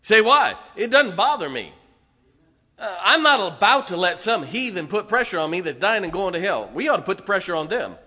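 A man, preaching emphatically as a pastor and now and then singing slowly. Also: sits high, big pitch swings, pushed and bright. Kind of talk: sermon. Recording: reverberant church hall.

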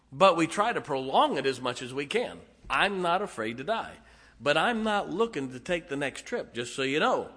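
A man's voice: mid-range voice, a bit bright. Folksy preacher man in a reverberant hall. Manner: folksy, tells humorous stories, emphatic rhetorical questions. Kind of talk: sermon.

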